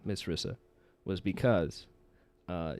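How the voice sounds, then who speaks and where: A man's voice: sits low, slow, darkish tone. A man, a podcast guest, telling a rambling story in casual chat.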